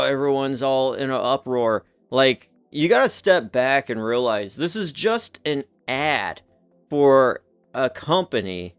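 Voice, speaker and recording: A man's voice: medium pitch, smooth, no room sound. A man hosting a casual commentary in a rambling, joking manner. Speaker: commentary host.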